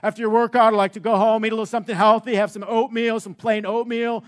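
A man voicing a peppy, muscular male gym owner who talks fast and eagerly, full of health advice. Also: high-pitched, level tone, pitched above the performer's own voice, lightly acted. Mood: chirpy.

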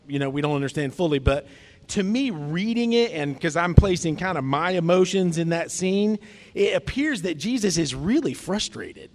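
Male pastor, conversational sermon, animated delivery, reverberant hall. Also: on the high side. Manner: conversational, acts out quoted lines with feeling.

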